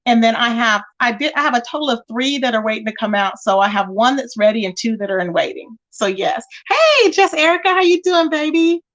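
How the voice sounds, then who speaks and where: Woman livestreaming, high voice, aave, gossipy and chatty with her chat. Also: fairly even intonation, fast, few pauses, a bit bright. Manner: chatty, talks to viewers directly. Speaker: livestream host.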